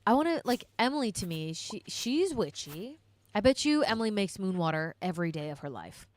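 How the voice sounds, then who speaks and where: A woman's voice: medium pitch, animated, fast, dry recording. A young woman giving casual, rambling gameplay commentary as a gaming vlogger, chatting directly to her viewers.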